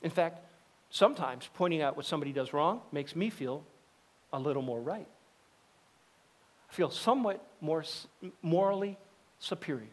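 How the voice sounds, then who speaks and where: A middle-aged man preaching in a loose, conversational way, slipping into quick voices for the people in his stories. His voice sits a little above the usual male pitch. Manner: conversational and animated, acting out quoted voices. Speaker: pastor. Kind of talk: sermon. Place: church sanctuary.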